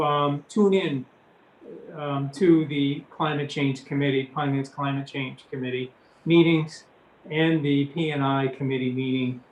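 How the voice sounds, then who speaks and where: A man chairs a public meeting in a fairly high voice, pausing often and filling gaps with ums and uhs. The sound is roomy and echoey, with a faint hum of background noise behind him. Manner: halting, with many fillers. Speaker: commission chairman.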